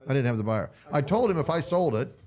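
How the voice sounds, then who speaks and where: A man's voice: medium pitch, fast. A man, a real estate guest on a podcast, telling a long story in casual chat and acting out both sides of the dialogue. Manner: animated storyteller, acts out dialogue.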